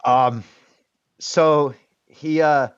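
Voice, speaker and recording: A man's voice: a little high, steady tone, very slow, clear, resonant tone, no echo, muffled recording. A man in his thirties, a podcast guest telling an emotional personal story in a candid, casual way, swearing now and then.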